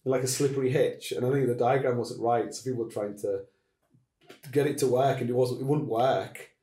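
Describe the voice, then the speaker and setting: A man's voice: mid-range voice, fairly even intonation, brisk, mellow, roomy sound. A man hosting a casual chat, rambling and restarting his sentences. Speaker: podcast host.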